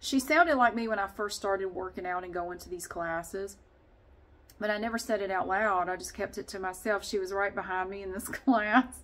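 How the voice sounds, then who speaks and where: A woman's voice: mid-range voice, normal speed, a bit bright. A woman vlogger chatting casually and rambling, often laughing as she talks. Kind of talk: casual vlog chat.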